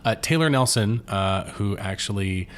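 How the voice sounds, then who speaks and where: A man's voice: fairly low pitch, expressive, moderate pace, slight background noise. Rambling man chatting about a movie. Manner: rambling, many fillers and restarts. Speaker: podcast co-host. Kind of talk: casual movie commentary chat.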